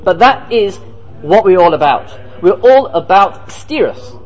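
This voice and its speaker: A man with a very high voice gives a Torah lecture as a rabbi. He asks rhetorical questions, answers them himself, and slips into the voices of the people he quotes. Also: measured pace, low-quality recording. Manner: lively, acts out the people he quotes.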